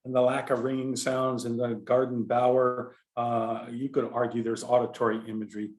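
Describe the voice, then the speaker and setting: Texan guy teaching poetry, rambly, lots of uhs and self-corrections, mid-pitched, roomy echo. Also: level tone, moderate pace, a little mellow. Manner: conversational, digressive, with many fillers and self-corrections. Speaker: contest director teaching poetry explication. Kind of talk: informal lecture.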